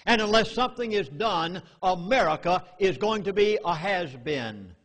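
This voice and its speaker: A man's voice: high voice, lively intonation, moderate pace, a bit bright. A man with a Southern US accent giving an urgent, emphatic public lecture to a live audience. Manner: emphatic, urgent, dramatic warnings. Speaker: public speaker. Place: meeting hall. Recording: echoey hall reverb.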